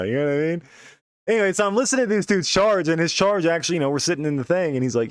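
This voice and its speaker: A man's voice: fairly high pitch, big pitch swings, fast, clean tone, dry recording, clean studio sound. A man telling a story in a casual, rambling, profane way, often saying "you know what I mean". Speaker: podcast host.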